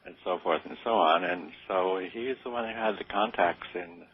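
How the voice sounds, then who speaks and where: Older man, radio interview guest, husky, hesitant, tinny phone-like sound. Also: low voice, normal speed. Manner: hesitant, modest, with many fillers.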